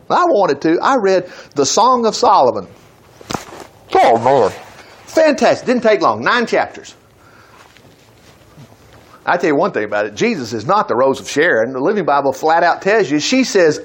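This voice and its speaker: A high-pitched man preaches from the Bible in a folksy, chatty manner. His voice leaps around a lot, and he keeps breaking off into exclaiming asides. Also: very animated, normal speed, pauses often, fairly bright tone, husky.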